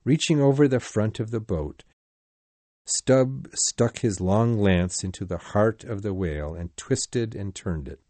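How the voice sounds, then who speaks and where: A man narrating a storybook in a deliberate, expressive manner. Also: fairly low pitch, no room sound. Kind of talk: scripted audiobook narration.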